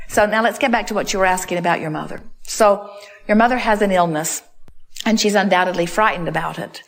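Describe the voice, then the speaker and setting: A woman answering audience questions in a seminar talk, emphatic and fond of repeating set phrases. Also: medium pitch. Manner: emphatic, repeats phrases like "in other words" and "you see".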